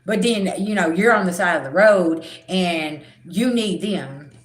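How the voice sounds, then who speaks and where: A woman's voice: on the low side, unhurried, reverberant. A middle-aged woman, a spiritual reader, talking bluntly and animatedly in a casual livestream chat, swearing freely.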